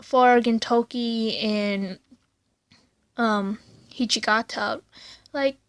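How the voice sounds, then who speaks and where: A woman's voice: a little high, steady tone, very slow, no echo. Chatty woman reviewer, rambling, fillers. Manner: emotional, rambling, many fillers. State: teary, voice breaking. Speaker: anime reviewer. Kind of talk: casual video review.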